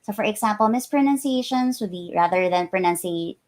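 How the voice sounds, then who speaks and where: A woman's voice: mid-range voice, lively intonation, a little fast, darkish tone. A woman presenting her research in a lecture, explaining carefully with frequent ums and uhs. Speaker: academic presenter.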